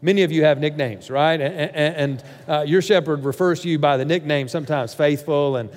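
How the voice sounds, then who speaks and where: A man preaching a sermon, energetic and joking, often repeating words as he drives a point home. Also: a little high, a little fast, long reverb tail. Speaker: pastor.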